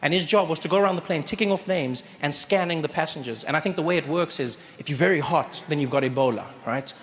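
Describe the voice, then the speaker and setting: A man's voice: fairly high pitch, quick pace. A man in his thirties with a South African accent telling a stand-up story, acting out the people in it. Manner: animated storytelling, acting out characters with shifting voices. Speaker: stand-up comedian. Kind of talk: stand-up comedy set. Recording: echoey stage with audience noise.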